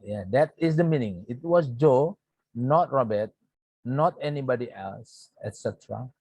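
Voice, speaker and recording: A man with a mid-range, expressive voice, darkish and husky, recorded dry and in low quality. He is a native Indonesian speaker with an Indonesian accent, teaching his students an English grammar lesson in a recorded online class. He explains slowly and deliberately, repeats points, and says "yeah" a lot.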